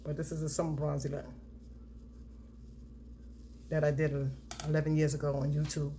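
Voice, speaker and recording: A woman talking casually through a makeup tutorial, chatty and unhurried, now and then chanting a catchphrase. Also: sits low, little pitch movement, mellow, slight background noise. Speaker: beauty vlogger.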